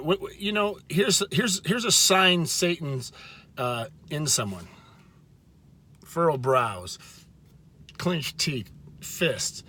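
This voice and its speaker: Guy doing a faith talk to camera, earnest, chatty, mid pitch, leans hard on key words. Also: pushed and bright, breathy edge. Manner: earnest and conversational, with frequent restarts and emphatic slow stresses. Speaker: video host.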